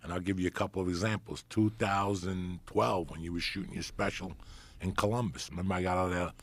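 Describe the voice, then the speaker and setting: A middle-aged man hosting a podcast, telling profane, animated stories in casual chat. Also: sits low, fast talker, slightly rough. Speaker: podcast host. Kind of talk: storytelling chat.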